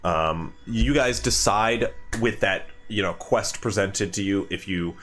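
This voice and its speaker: A man narrating as game master of a tabletop game, with many pauses and fillers. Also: on the low side, fairly bright tone, faint music behind.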